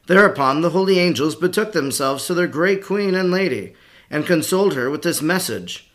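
A man reading a devotional text aloud as an audiobook narrator, with a steady, formal delivery. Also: a little high.

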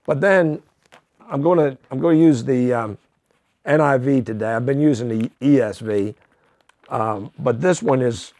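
A man's voice: medium pitch, darkish tone, no echo. A man, a pastor teaching the Bible on a podcast, reading verses aloud and commenting with fillers and self-corrections.

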